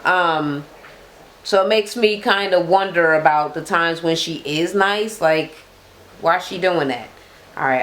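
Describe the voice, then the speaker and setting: A woman's voice: fairly low pitch, a little slow, a bit bright, slight background noise. Foul-mouthed woman recapping a reality show. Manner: heavy swearing, slangy, drawling; acts out quoted people in a raised voice. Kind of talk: casual profane recap.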